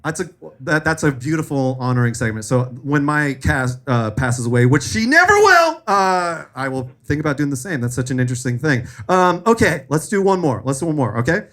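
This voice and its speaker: A man's voice: mid-range voice, fairly quick, hardly any pauses. A young man hosting a live comedy show, joking loosely, swearing and laughing at his own stories. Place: live venue with audience.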